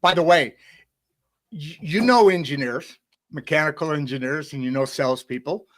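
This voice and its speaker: A man's voice: fairly high pitch, normal speed, a bit bright. A man hosting a casual podcast interview, rambling with many fillers and restarts. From United States. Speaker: host.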